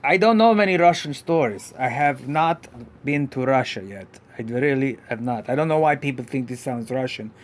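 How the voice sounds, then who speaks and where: A man voicing a goofy male dinosaur puppet pup who hosts a live podcast, talking in a vague put-on foreign accent, rambling with many halting restarts. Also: medium pitch, close to an everyday voice. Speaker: podcast host. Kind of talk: live podcast character act.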